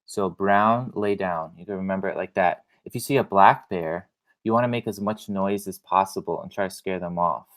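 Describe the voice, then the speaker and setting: Deep-voiced male teacher, casual and chatty. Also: steady tone, brisk. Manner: casual, chatty, many fillers and restarts. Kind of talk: recorded classroom lesson.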